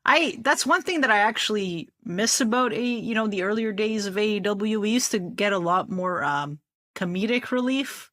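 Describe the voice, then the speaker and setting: A woman co-hosting a podcast, relaxed and agreeable in casual chat. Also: medium pitch, moderate pace. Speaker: podcast co-host.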